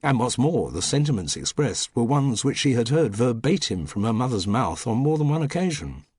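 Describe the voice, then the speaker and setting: A man narrating an audiobook in a wry, measured storytelling manner. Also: mid-range voice, very animated, darkish tone, husky, no echo, clean studio sound. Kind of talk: scripted narration.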